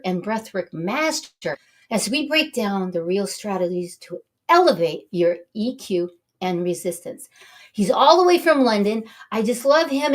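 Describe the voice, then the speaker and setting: A bubbly middle-aged woman hosting her own show, gushing with enthusiasm as she runs through what's coming up. Her voice sits a little high for a woman. She talks in an upbeat, chatty way. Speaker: show host.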